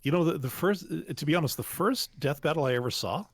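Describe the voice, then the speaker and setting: A man's voice: fairly high pitch, lively intonation, fast talker, breathy edge, no echo. A man co-hosting a podcast in easygoing, casual chat. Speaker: podcast co-host.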